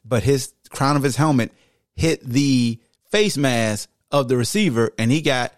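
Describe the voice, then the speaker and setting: A man hosts a podcast and talks through a game recap in a loose, conversational way, joking between the stats. His voice sits at a middle pitch, and the dry, close recording has no room echo. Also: unhurried. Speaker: podcast host. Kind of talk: casual sports recap podcast.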